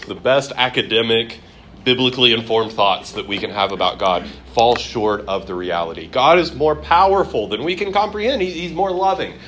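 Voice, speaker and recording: A man's voice: medium pitch, fairly bright tone, a little hiss or hum. A man teaching a classroom Bible lesson in a conversational way, acting out quoted voices.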